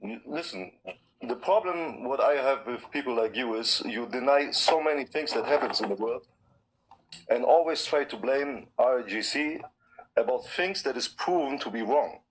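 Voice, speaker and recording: A man's voice: mid-range voice, lively intonation, moderate pace, slight background noise, poor audio. A man calling into a live stream to argue, speaking loose, ungrammatical English. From Europe. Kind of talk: call-in debate.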